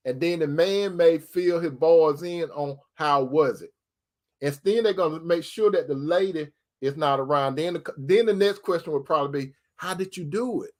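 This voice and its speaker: A man's voice: a little high, normal speed. Host, male, casual preacher style, repeats himself, talks straight to the audience. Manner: folksy, repeats phrases, addresses brothers and sisters directly. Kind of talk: casual preaching talk to viewers.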